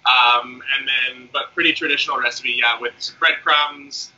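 A man, a guest chef, explaining a recipe step by step in a relaxed way with many fillers. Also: mid-range voice, normal speed, dull audio. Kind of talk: cooking demonstration.

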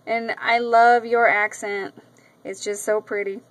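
Chatty woman vlogger, slightly high voice. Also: little pitch movement, measured pace, low-quality recording. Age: adult with a daughter. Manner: chatty, gushing, with many ums and repeats. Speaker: crafting vlogger. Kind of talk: casual show-and-tell vlog. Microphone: camera mic.

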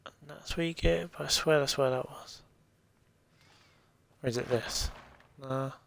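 A man's voice: medium pitch, steady tone, measured pace, creaky. A man casually commentating his own gameplay on a stream, thinking aloud and swearing freely. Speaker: game streamer.

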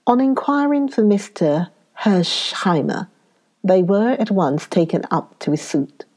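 A woman reading a story aloud in an unhurried, measured narration. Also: medium pitch, big pitch swings, a little mellow. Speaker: story reader. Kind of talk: scripted narration.

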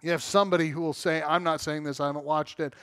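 A middle-aged man from Southern California preaches in a church with a high, bright-pitched voice. The sound is dry and close. He is candid and self-mocking, and he acts out the voices of people he quotes. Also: fairly even intonation, quick pace, no echo. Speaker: pastor. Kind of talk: sermon. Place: church sanctuary.

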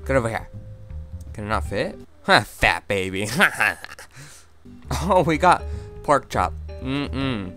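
Chatty male gameplay host, mid-pitched and easily excited, with soft music under him. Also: slow pace, long pauses. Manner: chatty, excitable, squeals high when startled. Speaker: gaming video host. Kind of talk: casual gameplay commentary.

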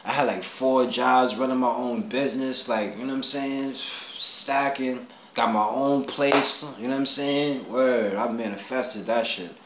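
A man telling a personal story in casual street slang, animated, dropping low and then rising to excited shouts. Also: unhurried. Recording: roomy echo, faint background hum.

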